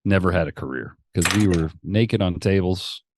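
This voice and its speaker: A man's voice: sits low, moderate pace, background noise. A middle-aged man, a stand-up comedian, telling stories as a guest in a casual, profane interview chat. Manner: profane, animated storyteller.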